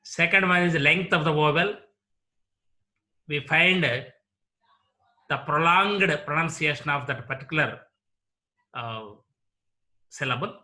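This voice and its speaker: A man with an Indian English accent, teaching a lecture on word stress and repeating each example word slowly. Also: on the high side, pushed and bright. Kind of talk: slow explanatory lecture.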